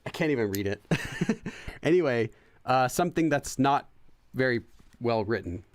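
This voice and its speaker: A man's voice: mid-range voice, lively intonation, normal speed, no echo. A young man hosting a casual let's-play, chatting, laughing often and translating game text as he goes. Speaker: gaming channel host.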